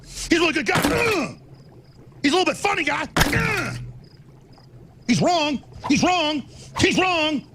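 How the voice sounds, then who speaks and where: A man voicing a furious conspiracy-theorist radio host with a Texan accent, gravelly and yelling, swearing all the time in a cartoon parody. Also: extremely high pitch, expressive, a little slow, pauses often, background noise. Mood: paranoid ranting. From Texas.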